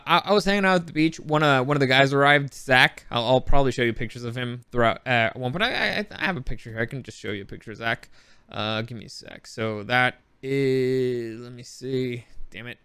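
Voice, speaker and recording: A young man tells a story in a casual, animated way, laughing often and acting out what he said. His voice sits a bit high and jumps around when he gets excited. The sound is close and dry. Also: clear, resonant tone, no echo. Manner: animated, laughs often, acts out his own quoted lines. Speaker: vlogger.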